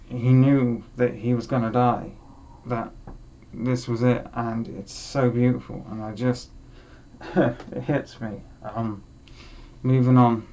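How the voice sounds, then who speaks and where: A young man hosting a music vlog, talking in a heartfelt, halting way with frequent restarts. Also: mid-range voice, darkish tone. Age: young adult. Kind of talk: casual chat. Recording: muffled lo-fi sound.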